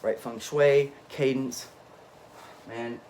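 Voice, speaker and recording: A man in an unscripted, rambling monologue, swinging between low muttering and emphatic outbursts and often cutting himself off mid-thought. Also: fairly even intonation, very slow, darkish tone, a little hiss or hum. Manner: frequent self-interruptions and restarts. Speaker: vlogger.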